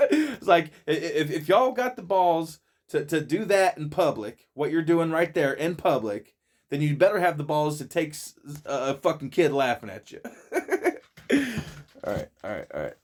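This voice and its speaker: Talking in a fairly high, animated voice at normal speed, a man in his friend's shed reacts to a video for his vlog. It's a casual, profane monologue full of swearing, frequent laughter and stumbling, repeated words.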